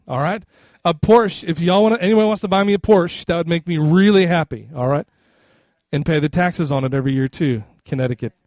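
Delivering a lively, conversational sermon, this middle-aged preacher performs the voices of the people he quotes. He speaks a little high, with no room sound in the recording.

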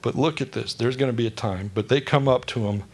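A man's voice: mid-range voice, fairly quick, slightly rough. A male pastor giving a conversational sermon, joking and asking the congregation questions.

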